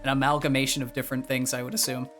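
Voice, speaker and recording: A man's voice: mid-range voice, little pitch movement, very fast, fairly bright tone. Young male streamer from the Northeast US, casual chat, rambling with lots of fillers, faint background music. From northeastern US, near Boston. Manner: rambling, with many fillers and restarts.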